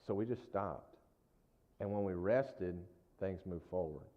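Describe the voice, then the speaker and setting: Unhurried and low-pitched, a man delivers a folksy, story-driven sermon, pausing to engage the congregation along the way. The recording sounds dull and lo-fi, with extended reverb from a spacious hall.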